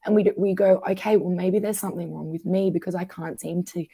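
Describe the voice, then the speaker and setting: A woman, a coach talking through emotional patterns in a conversational interview, animated and acting out the voices she quotes. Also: fairly low pitch, quick pace, breathy edge, no room sound. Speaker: guest coach.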